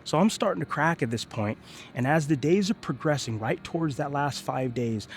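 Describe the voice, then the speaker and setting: A young man vlogging, telling a story in a casual, slangy way and acting out what people said with big jumps in pitch and loudness. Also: a little hiss or hum. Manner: animated, acts out quoted lines with sudden jumps in pitch and loudness; casual, slangy, many fillers.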